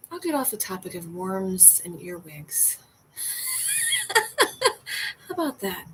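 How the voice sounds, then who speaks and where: A woman's voice: medium pitch, a little hiss or hum, poor audio. A woman chatting casually at home during a livestream, rambling, restarting her sentences and sometimes dropping into a whisper. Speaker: streamer reading chat.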